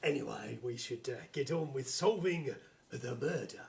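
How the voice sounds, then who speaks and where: A man's voice: mid-range voice, expressive, normal speed, vocal fry, voice pushed down. A man acting a bumbling, pompous police inspector in a live stage comedy sketch, with stagey, stammering delivery. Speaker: comedy actor.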